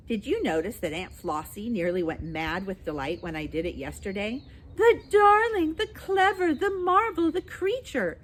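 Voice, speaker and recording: A woman voicing a chatty, scornful baby boy twin in a storybook reading, in a high childlike voice. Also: a bit bright, heavily acted.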